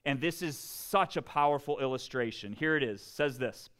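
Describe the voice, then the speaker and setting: Earnest preacher man with a smooth voice. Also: lowish voice, steady tone, fairly quick, hardly any pauses. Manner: earnest, drops to soft quiet tones for emphasis. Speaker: pastor. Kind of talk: sermon.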